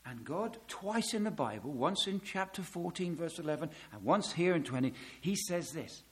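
Dramatic preacher man, lively swings. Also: on the high side, normal speed. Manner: dramatic, swells loud then drops to a hush. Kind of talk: sermon.

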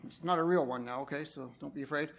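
High-voiced man preaching a lively sermon. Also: fast talker, creaky. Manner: animated storytelling, addresses listeners directly.

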